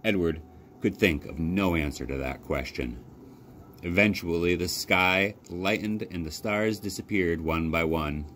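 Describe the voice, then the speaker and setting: A man from a library youth program reading a children's novel aloud as expressive storytelling. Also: unhurried, slight background noise. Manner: expressive storytelling with lively pitch. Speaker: library youth services coordinator. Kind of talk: children's book read-aloud.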